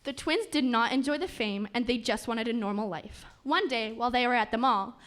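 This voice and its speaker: A woman with a somewhat high voice reads a comic fairy tale aloud. She keeps a steady pace, tripping over a word now and then and starting again. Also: a little fast. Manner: steady reading with small stumbles and restarts. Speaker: story narrator. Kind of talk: reading a comic story aloud.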